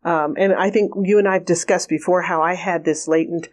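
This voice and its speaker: A woman guest in a conversational interview, telling anecdotes with lively quoted dialogue and frequent laughter. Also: lowish voice, a little fast. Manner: animated storyteller, acts out quoted dialogue, laughs often. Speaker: remote viewing trainer, guest.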